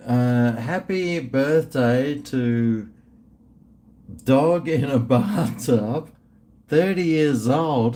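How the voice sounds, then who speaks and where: A man's voice: medium pitch, expressive, very slow, darkish tone. A middle-aged man, hosting a casual livestream and reading super chats. He rambles, mumbles, trails off and swears often, drinking while streaming. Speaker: livestream host.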